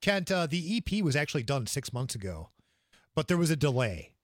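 A man of middle pitch hosts a show and asks a guest casual questions. He speaks in a friendly way with a few fillers. His voice sounds dry and close, with no echo. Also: big pitch swings, brisk. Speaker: radio show host.

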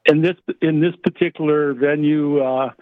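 An older man, a former college basketball player, guesting on a radio show and speaking haltingly, with many fillers and restarts. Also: on the high side, steady tone, dry recording. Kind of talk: phone-in radio interview. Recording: tinny phone line.

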